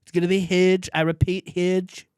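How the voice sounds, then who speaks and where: A man's voice: high-pitched, completely flat delivery, moderate pace, a little mellow, smooth, no echo, studio quality, pitched above the performer's own voice, natural voice. A man doing a boastful impression of a famous male politician, repeating big words in a podcast. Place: small room, podcast setup.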